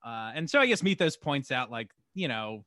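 A man's voice: mid-range voice, very animated, normal speed, a bit bright, no echo, studio quality. A man co-hosting a podcast, recapping a TV episode in casual, rambling chat with filler words. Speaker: podcast co-host.

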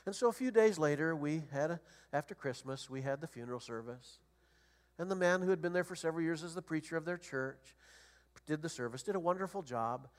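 A middle-aged or older man preaching a sermon as a guest preacher, animated and storytelling, rising to loud emphasis. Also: on the high side, a little fast.

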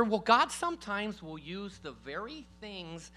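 Preaching as a guest in church, this man has a high, bright voice with a sing-song, unhurried delivery. His sermon is conversational and emphatic, moving from loud proclamations to quiet asides while drawing responses from the congregation.

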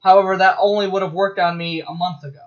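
A man quoting a calm, smug android villain in his everyday voice. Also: sits high, fast, muffled recording, natural voice.

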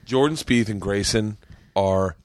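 A man's voice: on the low side, unhurried. A man hosting a casual podcast chat, talking with enthusiasm and plenty of swearing, often stammering and restarting his sentences. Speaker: podcast host. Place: home studio.

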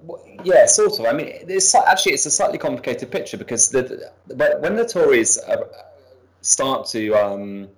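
A man with a standard southern English accent, a guest explaining his views in relaxed conversation, thoughtful and hedging with many fillers. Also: medium pitch, moderate pace, rough recording. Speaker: guest commentator.

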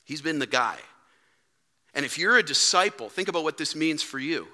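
High bright-voiced preaching man. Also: animated, normal speed. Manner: dynamic preaching, acting out quoted voices, swings from loud to hushed. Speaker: pastor. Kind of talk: sermon. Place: church sanctuary. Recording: long hall reverb.

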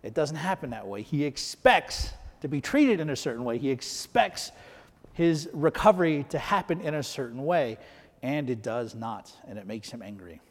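A man's voice: medium pitch, lively intonation, moderate pace, in a large hall. A man preaching a sermon as pastor, talking conversationally and asking rhetorical questions.

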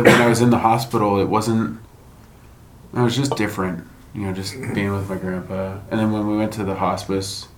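A man's voice: on the low side, slight background noise. A middle-aged man telling a personal story in a casual, rambling way, swearing freely and laughing between thoughts. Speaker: guest sharing a grief story. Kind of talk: casual podcast chat.

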